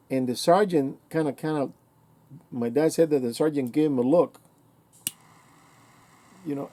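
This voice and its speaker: A man's voice: mid-range voice, normal speed, dark tone. A middle-aged man giving a rambling, conversational opinion monologue, acting out bits of remembered exchanges.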